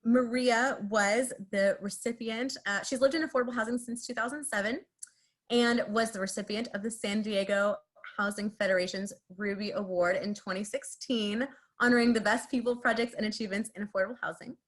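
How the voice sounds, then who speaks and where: A woman moderating a panel on a video call, introducing a guest and asking her questions in a slightly halting way. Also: fairly high pitch, steady tone.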